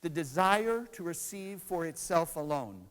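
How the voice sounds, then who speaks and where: A man's voice: fairly high pitch, animated, measured pace, fairly bright tone, smooth, long reverb tail, poor audio. A man teaching a spiritual lesson to a class, asking questions and answering them himself. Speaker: Kabbalah teacher.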